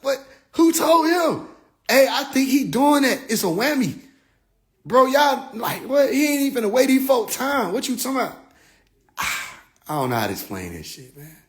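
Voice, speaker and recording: A man talking on a casual phone livestream, animated and profane, often mimicking others in low mocking voices. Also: normal speed. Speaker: livestream host.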